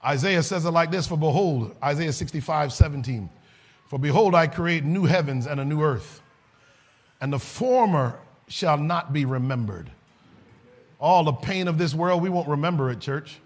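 Husky high-voiced preacher man. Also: lively intonation, moderate pace. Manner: preaching with swells into shouting and sing-song cadence. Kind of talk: sermon.

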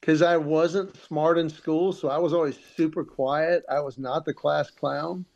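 Male comedian guest, lively storyteller, voices in his quotes, a little high-pitched. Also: unhurried, vocal fry, muffled recording. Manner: animated, acts out quoted voices. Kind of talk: storytelling interview.

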